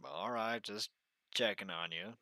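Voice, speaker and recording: A man's voice: fairly low pitch, unhurried, pushed and bright. A man playing his character in a tabletop game, mild and hesitant. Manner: mild, hesitant, laughs often. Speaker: player voicing a skeleton. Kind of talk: casual in-character role-play.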